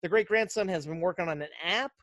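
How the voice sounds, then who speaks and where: Animated, dry-miked podcast storyteller. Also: medium pitch, fast talker, no echo. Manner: animated storyteller, slips into character voices. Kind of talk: casual movie recap.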